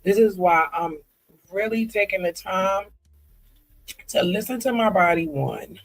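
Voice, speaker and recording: A man speaks in a personal vlog with a husky, breathy edge and a grainy, fry-laden texture. He confides earnestly, pausing often with ums and restarts as he reads through comments. His voice sits high for a man. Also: lively intonation, a bit bright, poor audio. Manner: halting, with frequent ums and restarts. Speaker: vlogger. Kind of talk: candid personal vlog, reading comments aloud.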